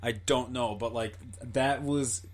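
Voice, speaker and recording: A man's voice: mid-range voice, steady tone, slow pace. A man hosting a podcast in casual chat, joking crudely and swearing freely. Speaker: podcast host.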